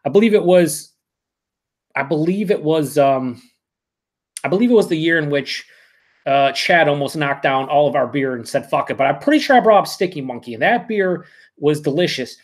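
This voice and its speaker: A man doing a live beer review, talking excitably and swearing a lot as he reacts to each sip. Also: on the high side, normal speed. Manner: excitable, profane, emphatic.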